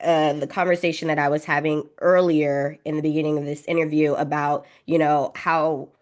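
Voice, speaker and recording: A woman with a low-pitched voice hosts a podcast interview. She asks steady, thoughtful questions and often affirms her guest. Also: normal speed. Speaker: podcast host.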